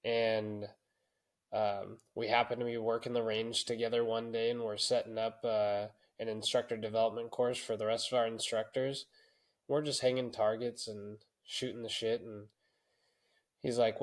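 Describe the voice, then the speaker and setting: Brief: male co-host, thirties, mid-pitched, casual storyteller, curses freely. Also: little pitch movement, moderate pace. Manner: profane, storytelling, laughs often. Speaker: podcast co-host. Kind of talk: casual podcast chat.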